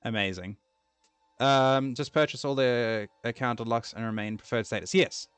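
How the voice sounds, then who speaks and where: A young man chats casually while gaming, rambling and easily sidetracked, with a self-deprecating manner. His mid-pitched voice sounds dry and close. Faint game music plays under him. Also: fairly even intonation, moderate pace, fairly bright tone, clean tone, dry recording. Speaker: gaming streamer. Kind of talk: casual chat while playing.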